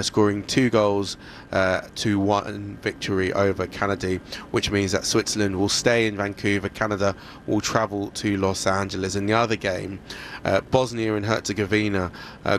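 A man giving a radio sports report, lively and conversational, with frequent fillers. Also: fairly low pitch, a little hiss or hum. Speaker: sports presenter.

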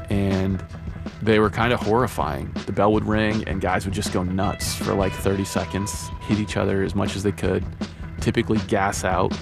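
Deep, gravelly man telling a story. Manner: relaxed and conversational. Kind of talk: personal storytelling narration.

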